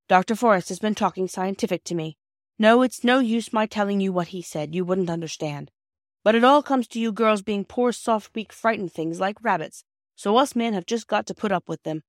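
A woman's voice: mid-range voice, moderate pace, no room sound, studio quality, voice pushed up, natural voice. A woman reading a classic children's storybook aloud and voicing a boastful boy who teases his sisters with a superior air. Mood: mocking. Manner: superior, teasing.

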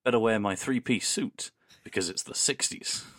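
A man's voice: lowish voice, normal speed, a bit bright, no room sound, clean studio sound. A man co-hosting a podcast in casual chat, reading listener emails aloud with playful, wry asides and frequent laughter. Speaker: podcast co-host.

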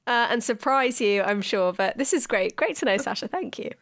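A woman's voice: a little high, expressive, normal speed, fairly bright tone, dry recording, studio quality. A young woman co-hosting a podcast in casual chat, giggly and self-mocking. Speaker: podcast co-host.

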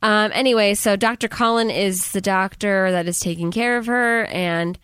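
A woman chats through a film recap, leaning on fillers as she goes. Her voice is smooth and clear, and the recording is close and dry with no room sound. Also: mid-range voice, fairly even intonation, moderate pace, a bit bright, no echo. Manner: chatty, lots of fillers and quoted voices. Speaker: podcast co-host. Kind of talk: casual chat recapping a film.

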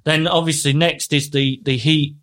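A man's voice: a little high, moderate pace. Chatty man. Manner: chatty, animated retelling. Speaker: podcast co-host. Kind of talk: casual chat.

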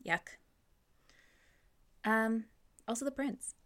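A woman's voice: a little high, slow, a bit bright. A young woman co-hosting a casual podcast about a book, blunt and joking, swearing freely. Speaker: podcast co-host. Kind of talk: casual book-club chat.

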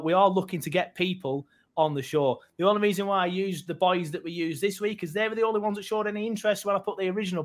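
High-voiced chatty man. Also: a bit bright. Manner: chatty, swears casually, plugs socials. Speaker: podcast host. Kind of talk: casual football podcast chat.

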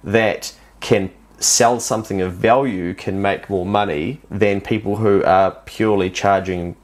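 Young New man, podcast guest, casual and blunt with freely dropped swears, slightly low voice. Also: steady tone, unhurried. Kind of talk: casual chat.

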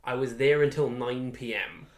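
A man's voice: medium pitch, normal speed, reverberant. A man co-hosting a podcast, telling stories in casual chat with lots of swearing and acted-out quotes. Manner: animated storytelling, swears often, mimics people. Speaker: podcast co-host.

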